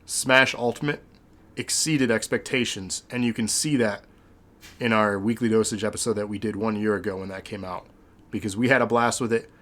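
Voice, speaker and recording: A man's voice: on the low side, steady tone, moderate pace, a bit bright. A man hosting a podcast, chatting casually in a rambling, sentimental way with many fillers. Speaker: podcast host.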